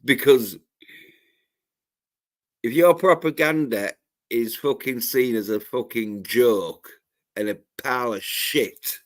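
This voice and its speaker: Slow-talking man ranting profanely. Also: medium pitch. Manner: profane, ranting, halting with restarts. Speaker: livestreamer. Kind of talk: solo livestream rant.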